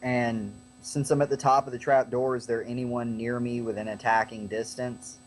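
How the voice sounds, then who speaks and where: A man's voice: medium pitch, flat delivery, normal speed, a little hiss or hum. A man playing a tabletop game, describing his turn hesitantly with many fillers. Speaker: player. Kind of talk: casual tabletop game chat.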